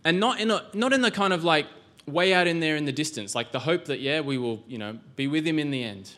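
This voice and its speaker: A man's voice: on the high side, lively intonation, a little fast, fairly bright tone. A male pastor giving a sermon in a church, conversational, with rhetorical questions and frequent restarts.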